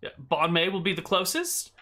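A male game master narrates a tabletop game in a relaxed, halting way and often stops to search for the next word. His voice sits a little high and sounds bright and crisp. The tone stays casual throughout. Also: a little hiss or hum. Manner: relaxed, hesitant with fillers.

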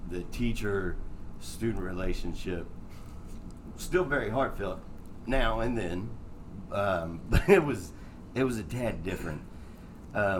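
A middle-aged man telling a profane story in casual chat, laughing through his own punchlines. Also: low voice. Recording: noisy room, mic at a distance.

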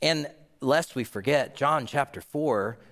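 A man's voice: mid-range voice, slow, a bit bright, in a large hall. A man, a pastor, preaching an earnest, emphatic sermon in a church and closing with a prayer.

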